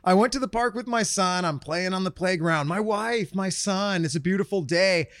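A man's voice: sits high, normal speed, no room sound, clean studio sound. A man, co-hosting a podcast, telling stories animatedly and acting out what people said. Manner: animated storyteller, acts out quotes, swears freely. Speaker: co-host. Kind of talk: casual podcast chat.

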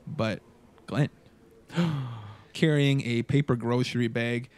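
A man's voice: medium pitch, slow, a little mellow. A man narrating a tabletop role-playing game as game master, casual and rambling.

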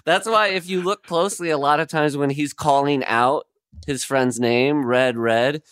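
Male podcast guest, deadpan absurd storyteller, casual chat, dry close sound. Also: on the high side, a little slow, clear, resonant tone, dry recording.

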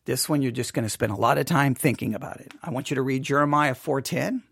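A man leading an informal Bible study lesson, animated and questioning, acting out imagined objections. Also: mid-range voice, fast talker, gravelly, dry recording, studio quality.

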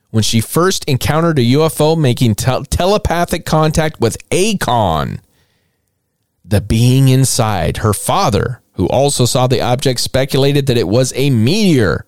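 A man hosting a comedy podcast, talking in a lively, swooping voice with irreverent, mocking asides and plenty of swearing. The sound is dry and close, with no room around it. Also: medium pitch, normal speed, no echo, soft background music. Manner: irreverent, mocking, swears often, laughs at own material. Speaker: podcast host.

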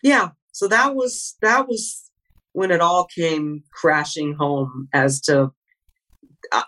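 A woman's voice: deep voice, takes it slowly, bright, forceful tone. A middle-aged woman from California, a retiring sports reporter, telling an emotional story in an interview with frequent restarts. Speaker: guest, retiring sideline reporter. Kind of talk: candid interview conversation.

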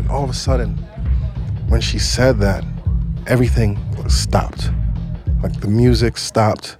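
A man tells a story from his own life in a loose, animated way, mid-pitched and easygoing. He swears freely and slips into the voices of the people he is quoting. Music plays clearly under him. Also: moderate pace. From United States. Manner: animated, swears, acts out quotes. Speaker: guest storyteller. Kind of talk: casual personal storytelling.

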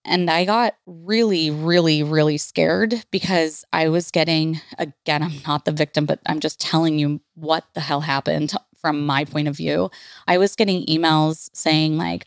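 A woman's voice: low voice, fairly even intonation, normal speed, no echo, studio quality. A woman in her thirties from Northern California telling a personal story on her podcast, candid and casual, swearing freely and filling with "like". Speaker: podcast host.

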